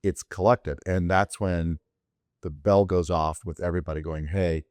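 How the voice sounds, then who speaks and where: Deep-voiced male host, halting delivery, dry close sound. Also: fairly even intonation, a little mellow, dry recording. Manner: halting, many restarts. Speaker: podcast host. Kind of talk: conversational interview.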